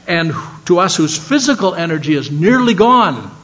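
An older man preaching a sermon, telling stories and swinging between animated lines and soft, low ones. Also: moderate pace. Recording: dull lo-fi sound.

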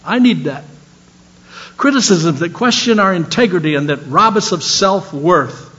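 Older man, sermon, storytelling preacher, fairly high voice, dull lo-fi recording. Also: measured pace. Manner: storytelling, swinging from animated to soft and low. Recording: dull lo-fi sound.

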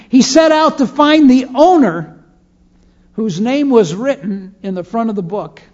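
A man's voice: extremely high pitch, darkish tone. A man preaching a sermon, telling stories and urging his listeners with earnest, emphatic repetition. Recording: muffled lo-fi sermon recording.

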